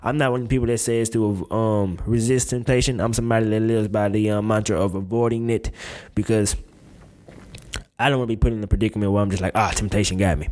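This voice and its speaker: A man's voice: fairly low pitch, steady tone, fast talker, warm tone. A man in his twenties giving a candid, rambling confessional monologue, full of slang and restarts.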